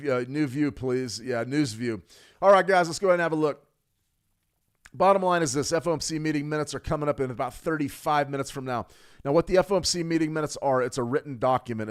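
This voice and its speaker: A man hosting a live trading stream, giving energetic market commentary, repeating key phrases for emphasis and answering viewers' chat. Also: mid-range voice. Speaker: trading livestream host.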